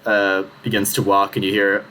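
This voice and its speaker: A man's voice: lowish voice, flat delivery, normal speed, sharp tone, slight background noise. A man narrating a tabletop game as game master, casual and rambling, laughing often.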